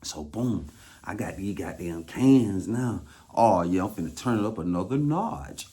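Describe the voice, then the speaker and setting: Low-voiced Atlanta man telling a story. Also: normal speed. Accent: Southern US, Atlanta. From Atlanta, USA. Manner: slangy, animated, repeats for emphasis. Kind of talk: casual storytelling.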